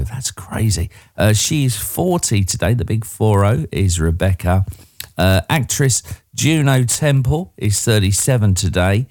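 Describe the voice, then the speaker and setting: A man's voice: lowish voice, expressive, unhurried, a little mellow, dry recording, studio quality. A man presenting on the radio in a casual, chatty way, with frequent ums and uhs as he reads through the day's birthdays.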